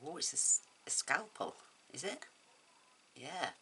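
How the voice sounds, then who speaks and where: Woman, very low voice, bright tone, gushing over happy mail, faint hiss. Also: lively intonation, measured pace. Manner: gushing and emotional, exclaiming over each item. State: tearful at times. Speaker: crafting vlogger opening happy mail. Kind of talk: casual chat to camera.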